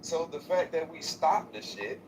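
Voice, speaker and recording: A man's voice: a little high, animated, a little slow. A man in a heated political argument, speaking bluntly and challenging the others. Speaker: debate participant. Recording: distant stream audio with faint noise.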